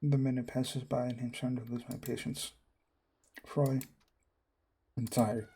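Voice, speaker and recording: A man's voice: medium pitch, little pitch movement, moderate pace, dark tone, breathy edge. A man reading a visual novel aloud, doing narration and all the characters in his own voice and reacting as he goes. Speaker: game streamer.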